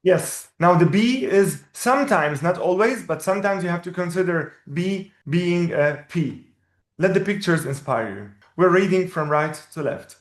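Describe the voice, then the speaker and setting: Male teacher, slightly high voice, patient and explanatory; echoey room. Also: expressive. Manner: patient, explanatory, repeats words slowly. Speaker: Arabic teacher. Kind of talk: one-on-one language lesson.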